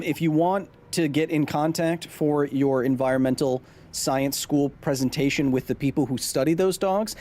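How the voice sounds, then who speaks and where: A man in his thirties hosting a live gaming stream. He chats, explains science and reads out viewer messages. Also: mid-range voice. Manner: chatty, explains science, reads chat aloud; jumpy, yells when startled.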